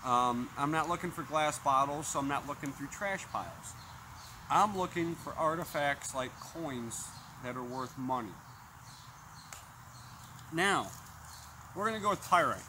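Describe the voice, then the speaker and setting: A man's voice: on the high side, lively intonation, unhurried, pauses often. Plainspoken man testing outdoors, noisy. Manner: plainspoken, calls out tones as he tests. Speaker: metal detector reviewer. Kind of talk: casual product demonstration. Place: outdoors in a yard. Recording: outdoor noise behind the voice.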